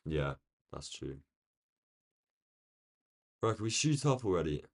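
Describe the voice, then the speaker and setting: A man with a London accent chatting casually on a live stream, rambling along and answering viewers' comments from a quiet room. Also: low voice, sing-song, slow pace. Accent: London English. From United Kingdom. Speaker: day-trading live streamer.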